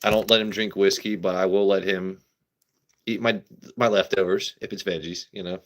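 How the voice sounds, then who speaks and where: A man with a somewhat low voice hosts a relaxed livestream. He talks in a loose, playful way, teasing and chatting with his audience. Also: normal speed, noisy background. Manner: playful, talks to his pet guinea pig and chat. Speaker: livestream host. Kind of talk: casual livestream chat.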